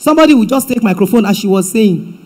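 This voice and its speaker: Nigerian woman preacher, church sermon, emphatic delivery with hushed asides. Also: medium pitch, expressive, quick pace, poor audio. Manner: emphatic preaching, swings from loud to hushed, mixes in Yoruba phrases. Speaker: pastor.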